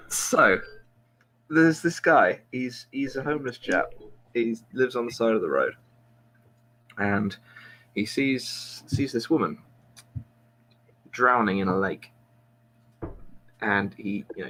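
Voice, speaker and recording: A man's voice: fairly low pitch, sharp tone. A man, a podcast host, telling a long joke in a rambling, self-mocking way with many restarts.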